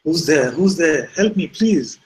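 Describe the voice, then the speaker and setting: A man voicing a frantic man hanging from a cliff, shouting desperate pleas for help. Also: mid-range voice, steady tone, fast talker, slight background noise, natural voice, rough recording.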